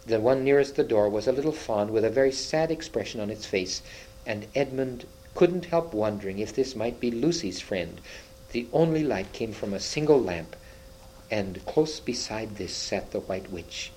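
Man narrating storybook, measured dramatic reading, faint hiss. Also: on the low side, animated, dark tone, rough recording.

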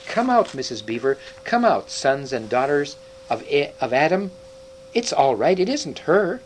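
A man voicing an excitable male talking beaver in a storybook reading, calling out eagerly. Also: on the high side, unhurried, a little hiss or hum, low-quality recording. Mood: excited.

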